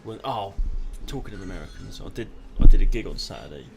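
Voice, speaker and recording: A man's voice: sits low, expressive, fast, vocal fry, heavy background noise. A man co-hosting a live comedy podcast, telling rambling anecdotes in casual chat. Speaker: podcast co-host.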